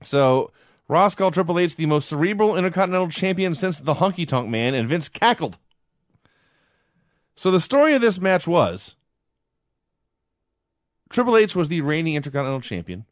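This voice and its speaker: A man with a fairly high, very lively voice walks through an old wrestling broadcast in casual podcast chat. His delivery is wry and animated. The sound is dry and close to the mic. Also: normal speed, long pauses, no echo. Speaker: podcast co-host.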